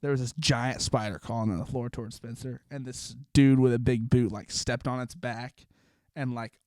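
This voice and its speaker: Young male co-host, smooth clear tone, rambling casual chatter. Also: medium pitch, fairly even intonation, moderate pace, darkish tone, no room sound, clean studio sound. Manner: chatty, rambling retelling with fillers. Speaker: podcast co-host. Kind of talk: casual chat.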